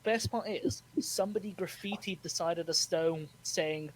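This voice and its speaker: A man's voice: sits high, fairly even intonation, moderate pace, few pauses. A man co-hosting a podcast, telling history in a rambling, casual way with fillers and restarts. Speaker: podcast co-host. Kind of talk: casual chat.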